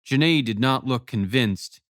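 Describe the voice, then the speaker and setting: A man narrates an audiobook in a steady, even storytelling voice of middle pitch. The recording is dry and close, with no room sound. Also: unhurried, dry recording.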